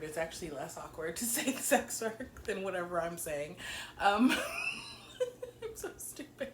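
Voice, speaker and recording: A woman's voice: medium pitch, slight background noise. A woman recapping a TV episode in a casual, chatty way, giggling often and slap-happy from being up early. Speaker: TV show reviewer. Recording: echoey room.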